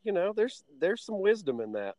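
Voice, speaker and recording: A man in his forties in casual chat, teasing dryly and halting with fillers. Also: sits high, sing-song, darkish tone. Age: 40s.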